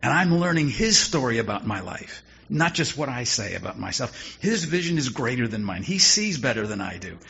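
A man's voice: mid-range voice, sing-song, normal speed, gravelly, few pauses, a bit bright, husky. A man preaching a sermon in a conversational style, with wry asides and rising emphasis. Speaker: pastor. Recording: dull lo-fi sound with faint noise.

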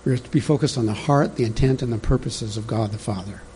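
Mellow-voiced male pastor preaching. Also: mid-range voice, quick pace, a little hiss or hum. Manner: conversational, teaching from an outline, talks directly to the congregation. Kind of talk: sermon.

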